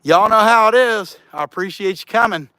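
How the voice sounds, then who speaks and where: High, bright-voiced joking livestream host. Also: male voice, normal speed, dry recording, clean studio sound. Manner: joking, rambling, reads chat aloud. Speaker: chainsaw carver hosting a livestream. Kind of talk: casual livestream chat.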